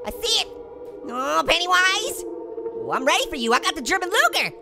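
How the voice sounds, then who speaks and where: A sky-high, squeaky cartoon orange chatters through a video game, giggling at his own puns. His bouncy voice leaps up and down without rest, over loud game music. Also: moderate pace, creaky, exaggerated voice. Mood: goofy. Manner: punning, giggling, chattering excitedly. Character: wisecracking male talking orange, giggly prankster. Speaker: gaming channel host. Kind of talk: cartoon-character game commentary.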